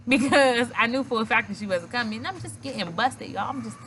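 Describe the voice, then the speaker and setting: A woman co-hosting a podcast in slangy, animated casual chat, laughing often. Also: on the high side, fairly quick, slight background noise. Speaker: podcast co-host.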